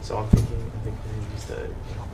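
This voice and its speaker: A man's voice: on the low side, monotone, fast. A teenage boy leading a classmate through a party guessing game, bossy and giggly. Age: teens. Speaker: student game leader. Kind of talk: casual chat, party game. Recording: roomy, distant mic, faint room noise.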